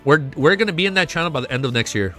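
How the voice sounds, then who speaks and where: A young man hosting a casual livestream, excitable and swearing often, reading chat aloud. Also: on the high side, very fast. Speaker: livestream host. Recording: faint music behind.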